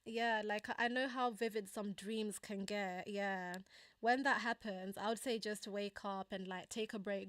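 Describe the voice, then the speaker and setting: A woman's voice: mid-range voice, a bit bright. A young Kenyan woman chats on a live stream, easygoing and full of little laughs and "um"s. Her voice sits mid-range and sounds close and dry, with no room echo. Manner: chatty, laughs often, many fillers. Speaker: livestream host. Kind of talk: casual live chat reading viewer comments.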